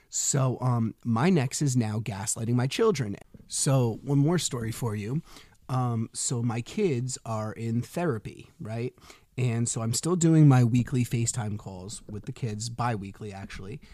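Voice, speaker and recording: A father in casual personal storytelling, animated, acting out quoted dialogue and swearing freely. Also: mid-range voice, no room sound, clean studio sound.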